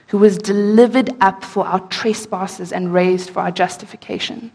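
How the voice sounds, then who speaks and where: A woman preaching a sermon, reading scripture slowly and emphatically and asking rhetorical questions. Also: mid-range voice, steady tone, gravelly, a little mellow, slightly rough. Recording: echoey hall.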